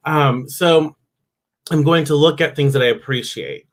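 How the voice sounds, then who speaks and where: A man's voice: on the high side, a little slow. A man giving an oracle card reading on a live stream in a casual, chatty way, greeting viewers by name as he talks. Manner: acts out grumbling inner voices.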